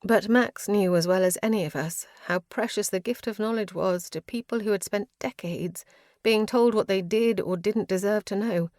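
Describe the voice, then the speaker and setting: A woman's voice: medium pitch, normal speed, hardly any pauses, a little mellow, no room sound. Female fantasy audiobook narrator, earnest, grief-laden, dry close mic.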